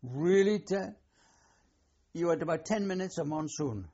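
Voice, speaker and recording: An older man with a Welsh accent, a war veteran recalling his past in an oral history interview, telling it in a rambling, halting way with many restarts. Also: on the high side, animated, mellow, muffled recording.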